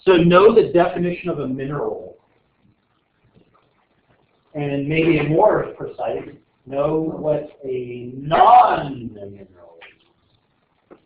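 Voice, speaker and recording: Reviewing for an exam in a classroom, a male teacher jokes around, quizzes students and rambles. His fairly high voice is expressive and slow, with frequent pauses, and the echoey audio sounds tinny and lo-fi.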